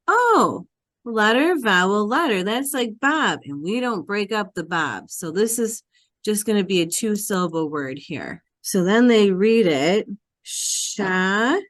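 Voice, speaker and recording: A woman's voice: mid-range voice, fairly bright tone, no echo, clean studio sound. A woman who teaches Hebrew, explaining a reading lesson step by step in a patient, repetitive classroom manner.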